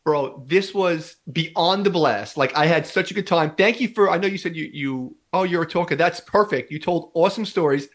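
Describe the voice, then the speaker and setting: A man hosting a casual podcast interview, asking quick questions and reacting eagerly with slang like "bro.". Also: on the high side. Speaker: podcast host.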